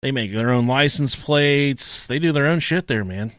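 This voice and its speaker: A podcast co-host trades crude, casual banter, swearing and joking through lively stories. He has a mid-range voice and a moderate pace, recorded in clean studio sound with no echo.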